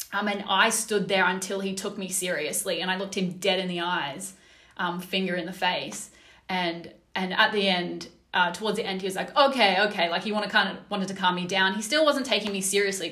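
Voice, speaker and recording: A woman's voice: lowish voice, sharp tone, roomy sound. A woman telling a story in casual chat, with many fillers and restarts.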